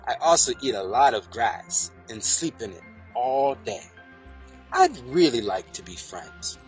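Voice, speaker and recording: A reader reading a children's picture book aloud in a slow, sing-song way. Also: mid-range voice, big pitch swings, soft background music. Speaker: storybook reader.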